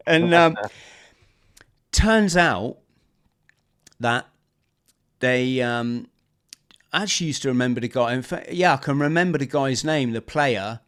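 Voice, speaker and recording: A man, a former marine guest on a podcast, telling a lively story and acting out the shouts, talking over a video call. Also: medium pitch, measured pace, long pauses, smooth. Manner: animated storyteller, acts out shouted quotes. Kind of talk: storytelling interview.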